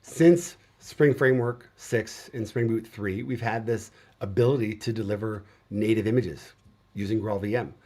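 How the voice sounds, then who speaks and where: A middle-aged man speaking as a guest developer, relaxed and chatty, often pausing with "uh" as he explains. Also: lowish voice. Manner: relaxed storytelling with frequent "uh" fillers. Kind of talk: casual conversation on a video show.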